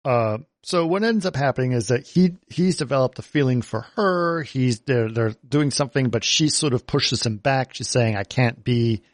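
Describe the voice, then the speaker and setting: A man's voice: mid-range voice, lively intonation, normal speed, hardly any pauses, dry recording, studio quality. Chatty man retelling a movie plot. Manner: retells movie plots with many fillers and acted quotes. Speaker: podcast co-host. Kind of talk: casual film podcast chat.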